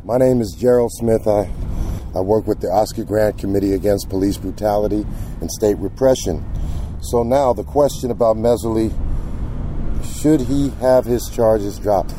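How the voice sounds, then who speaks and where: A man with a low, very dark and mellow voice speaks as an activist. He talks in a measured, calm way. Faint street traffic can be heard behind him. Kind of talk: public statement.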